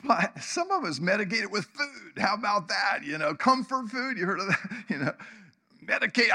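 High, bright-voiced pastor in his sixties. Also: expressive, moderate pace, creaky. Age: 60s. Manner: conversational, asks the congregation questions, chuckles often. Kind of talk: sermon.

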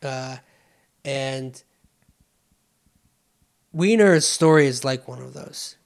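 A man's voice: medium pitch, very slow, gravelly. A man chatting casually with friends, rambling with many restarts and fillers. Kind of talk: casual chat.

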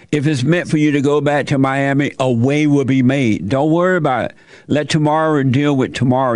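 A man's voice: a little high, darkish tone, no room sound, clean studio sound. A man hosting a call-in show, giving blunt, preachy advice and telling folksy stories. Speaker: talk show host giving advice to callers.

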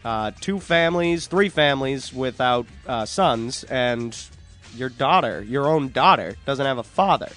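A man's voice: mid-range voice, lively intonation, unhurried, fairly bright tone, soft background music. A man co-hosting a podcast, talking in an opinionated, exasperated way. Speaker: podcast co-host. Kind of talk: casual chat.

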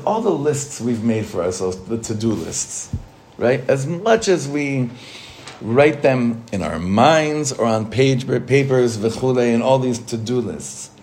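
A man's voice: medium pitch, a little mellow, slight background noise. A man, a rabbi, teaching a casual Torah class in a conversational way, asking the group questions and mixing in Hebrew terms.

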